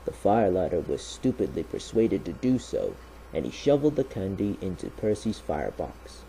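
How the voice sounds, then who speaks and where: A man reads a children's story in a low, very dark, gravelly voice. His reading is steady, but the intonation rises and falls widely. A faint hiss runs underneath. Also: normal speed, low-quality recording. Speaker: narrator. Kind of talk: storybook narration.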